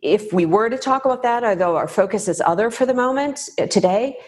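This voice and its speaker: A middle-aged woman from the United States, answering interview questions in a thoughtful, measured way with pauses. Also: fairly high pitch, lively intonation. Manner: thoughtful, measured, pausing to find words. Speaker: podcast guest.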